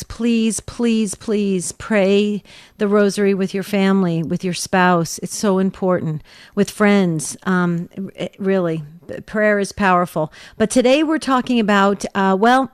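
A woman co-hosting a religious talk radio show, with a voice of middling pitch for a woman. She talks with strong emphasis and feeling, stressing her points by repeating words. The recording is dry and close, like a studio microphone. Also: measured pace, clean tone, dry recording. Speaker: radio co-host. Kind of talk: Catholic talk radio chat.

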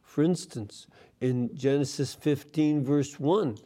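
Priest guy teaching bible study, slow, lots of uh and restarts, mellow voice. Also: mid-range voice. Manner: slow, deliberate, with many fillers and restarts.

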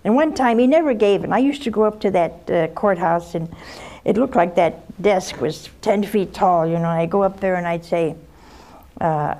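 A woman's voice: fairly low pitch, normal speed, warm tone. An older woman, a nun hosting a call-in show, giving frank spiritual advice and telling stories from her own life in a folksy, direct way. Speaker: nun and host answering callers. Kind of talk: spiritual advice and personal storytelling.

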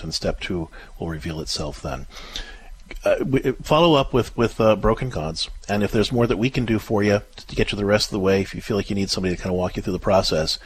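A man hosting a call-in radio advice show, gentle and reassuring, his voice often dropping softer at the ends of phrases. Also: deep voice, slightly rough. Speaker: radio show host and counselor.

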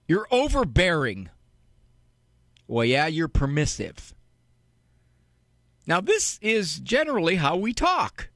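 Gravelly, animated male radio advice host. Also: on the high side, no room sound, clean studio sound. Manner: deliberate, fires off rhetorical questions. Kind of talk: call-in radio talk, teaching monologue.

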